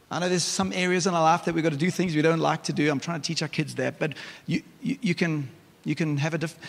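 A male pastor, preaching a lively, conversational sermon with frequent restarts. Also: a little high, creaky. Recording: reverberant church hall.

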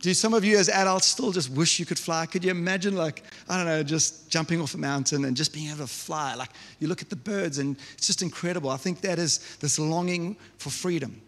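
A man's voice: on the high side, a little fast, few pauses, fairly bright tone. A man preaching a sermon as pastor, chatty and often asking the congregation questions. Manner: conversational, asks the congregation questions. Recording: reverberant church hall.

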